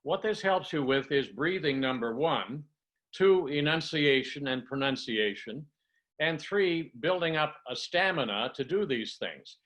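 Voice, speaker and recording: Older man coaching speech, warm explainer. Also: a little high, animated, unhurried. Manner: demonstrating tongue twisters in one breath; storytelling, explanatory delivery. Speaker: communication coach. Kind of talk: online workshop teaching.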